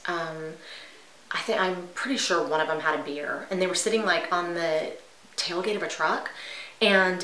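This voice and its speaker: Woman telling a dramatic story, bright voice. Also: lowish voice, reverberant, low-quality recording. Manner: animated, dramatic retelling with hushed asides. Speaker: vlogger telling a personal story. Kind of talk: casual storytime.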